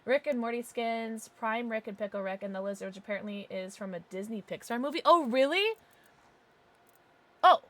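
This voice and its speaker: A woman streaming a game, chatting casually and excitably with quick exclamations, swearing and laughing often. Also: a little high. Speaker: livestreamer. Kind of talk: casual gameplay commentary.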